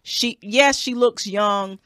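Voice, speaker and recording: A woman's voice: mid-range voice, slow, fairly bright tone, no echo. A woman hosting a casual talk podcast in a small studio, blunt and exasperated, swearing freely as she talks. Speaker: radio and podcast host. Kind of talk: casual talk show banter. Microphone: studio mic.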